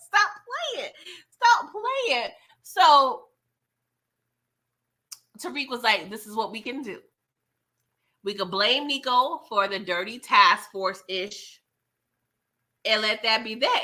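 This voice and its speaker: A woman's voice: mid-range voice, sharp tone. A woman hosting a casual live show recap, chatty and laughing often, retelling scenes in quoted voices. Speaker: TV recap host.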